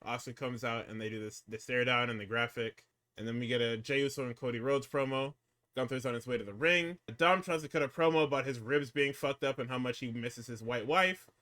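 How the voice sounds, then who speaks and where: A man co-hosting a casual, profane talk show, recapping wrestling and swinging between hyped outbursts and low muttering. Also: fairly even intonation, a little fast, pushed and bright. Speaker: podcast co-host recapping wrestling.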